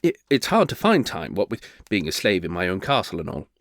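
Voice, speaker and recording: A man's voice: deep voice, huge pitch swings, brisk, dry recording, pitched below the performer's own voice, exaggerated voice. A man voicing a flustered male bard turned reluctant duke, who stammers and hesitates nervously.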